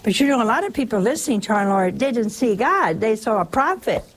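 Speaking fairly quickly in a fairly high voice with big pitch swings, a woman preacher delivers a homespun, conversational sermon. She often addresses her listeners with rhetorical questions.

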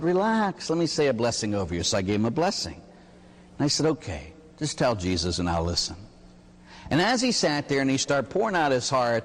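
A man, a Catholic priest, preaching a sermon and telling stories with animated emphasis. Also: mid-range voice. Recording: echoey hall.

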